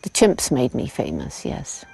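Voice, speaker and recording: Low gravelly woman in her seventies. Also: huge pitch swings, unhurried, warm tone, soft background music, low-quality recording. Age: 70s. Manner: laughs often while telling stories. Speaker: interviewee, primatologist. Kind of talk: casual interview answers. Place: outdoors in a forest.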